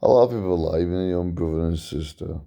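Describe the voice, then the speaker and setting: A man's voice: quick pace, gravelly, warm tone. A tired man rambling in a meandering, repetitive monologue to camera, yawning now and then. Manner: meandering, repeats himself, sudden pitch jumps. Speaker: vlogger.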